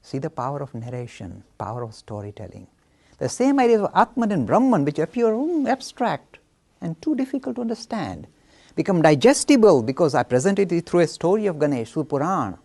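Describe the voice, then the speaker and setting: Male lecturer, gravelly and animated, fairly high voice. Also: a little fast. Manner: animated, acts out voices, chuckles. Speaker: lecturer on Hinduism. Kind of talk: storytelling lecture.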